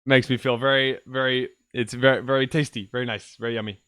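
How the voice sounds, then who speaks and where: A man's voice: medium pitch, steady tone, fast, fairly bright tone, clean tone, dry recording, clean studio sound. A young man rambling casually to his viewers on a livestream from his computer, swearing now and then. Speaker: streamer. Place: at home at a PC.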